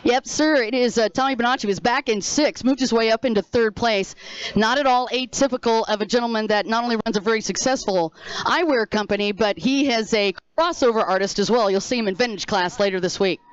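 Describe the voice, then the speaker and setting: A woman's voice: a little high, fairly quick, smooth. A woman doing upbeat, playful trackside reporting and co-commentary for a live race at an outdoor track. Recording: dull lo-fi livestream audio.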